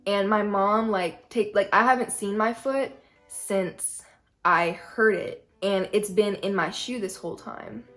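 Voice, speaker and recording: A woman's voice: mid-range voice, steady tone, measured pace, fairly bright tone. Young woman, casual storyteller, mid-range voice, faint music underneath. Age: young adult. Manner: chatty, peppered with "like". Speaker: vlogger.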